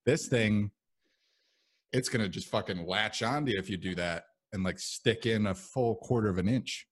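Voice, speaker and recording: A man's voice: fairly low pitch, normal speed. Profane rambling man in casual chat. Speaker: podcast co-host.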